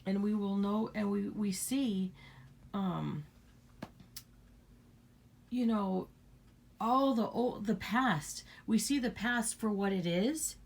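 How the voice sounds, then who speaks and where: Gravelly, husky woman giving spiritual talk. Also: medium pitch, slow, pauses often. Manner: earnest, repetitive, blunt with swearing. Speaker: spiritual channel host. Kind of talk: casual spiritual talk to viewers.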